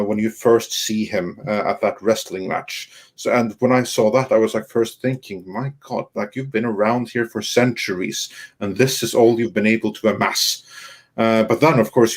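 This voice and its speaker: A man from Norway, hosting a casual film roundtable and talking with frequent fillers and restarts. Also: on the low side. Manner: hesitant, many fillers and restarts. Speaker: host.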